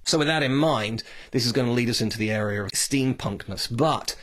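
A man's voice: mid-range voice, fairly quick, a bit bright. A British man hosting a podcast, talking in a chatty, digressive, opinionated way. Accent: British English. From Britain. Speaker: podcast host. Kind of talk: casual podcast monologue.

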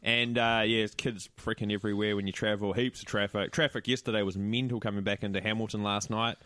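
A New man co-hosting a podcast, his voice bright and forceful. He is recorded dry and close, and he answers in short, laconic lines with dry humor. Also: on the low side, steady tone, fast talker, no echo. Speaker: podcast co-host. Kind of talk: casual chat.

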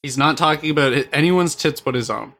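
A man co-hosts a comedy podcast in a mid-pitched, bright, forward voice. He makes wry asides and often breaks into laughter. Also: a little fast. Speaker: podcast co-host.

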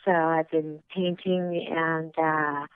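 A woman's voice: low-pitched, flat delivery, slow, clear, resonant tone. A woman guest chatting by phone, out of breath, telling stories and laughing easily. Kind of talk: casual phone interview. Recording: tinny phone line.

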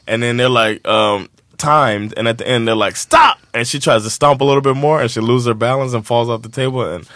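A man's voice: medium pitch, steady tone, fairly quick, a bit bright, no echo. A man co-hosting a podcast, telling funny anecdotes and imitating the sounds people made. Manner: tells funny stories, mimics sounds. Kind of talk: casual storytelling chat.

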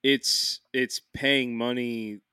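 A man's voice: mid-range voice, steady tone, extremely slow, pushed and bright, clear, resonant tone, no room sound, clean studio sound. A man hosting a podcast in casual chat, rambling and swearing freely. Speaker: podcast host.

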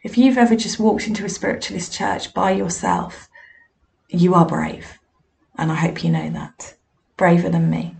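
A woman's voice: fairly low pitch, fairly even intonation, normal speed, gravelly, a little mellow. A woman, a spiritualist medium and teacher, telling personal stories in a frank, reflective and self-deprecating way. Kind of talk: candid personal storytelling monologue.

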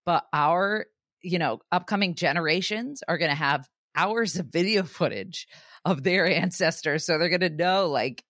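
A woman's voice: deep voice, fairly bright tone, no echo, clean studio sound. A young woman co-hosting a podcast, chatting casually with hesitant fillers and slangy asides. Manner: hesitant, uses filler words, says dude. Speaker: podcast co-host. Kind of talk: casual chat.

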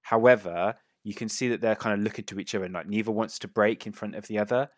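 A man narrating a tabletop game as game master, describing the action in a casual way with quick asides. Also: on the low side, steady tone, no room sound, studio quality.

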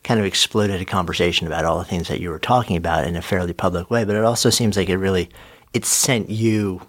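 A man hosting an interview, asking thoughtful questions and affirming his guest in a measured way. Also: low voice, a bit bright. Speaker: interviewer, host. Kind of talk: conversational interview.

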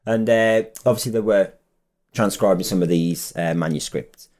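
A man's voice: lowish voice, normal speed, a little mellow. A young man, podcast co-host, chatting casually and telling anecdotes in an easygoing way, laughing as he goes. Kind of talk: casual chat and storytelling.

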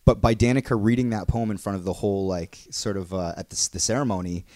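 A man telling a story in casual podcast chat, excitable and rambling, full of "like" fillers. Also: on the low side, quick pace, no echo, clean studio sound. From Canada. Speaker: podcast co-host.

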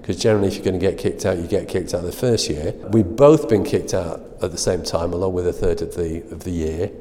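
Middle-aged male guest, low mellow voice, dry self-mocking storyteller, reverberant sound. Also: fairly even intonation, a little fast. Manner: self-deprecating, laughs at own stories. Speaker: guest telling stories. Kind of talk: anecdotal storytelling.

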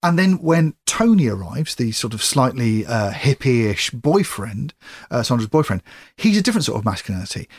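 Man, podcast host, enthusiastic, lively up-and-down pitch, mid voice. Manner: enthusiastic, animated, quick asides. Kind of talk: casual podcast conversation.

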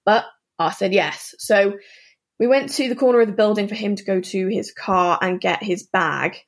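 A woman, an interview guest, telling a personal story in an earnest, halting way full of asides. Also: mid-range voice.

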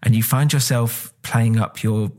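A man's voice: mid-range voice, fairly even intonation, unhurried, darkish tone. A man with a British accent chatting casually on a podcast, rambling with lots of fillers and casual swearing. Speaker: podcast co-host. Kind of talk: casual chat.

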